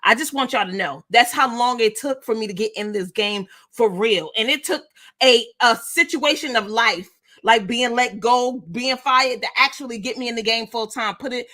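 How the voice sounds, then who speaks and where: Bright, lively woman coaching her live chat. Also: fairly high pitch, normal speed. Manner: energetic, preachy, talks to her chat. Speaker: business coach and founder. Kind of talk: live-stream motivational talk.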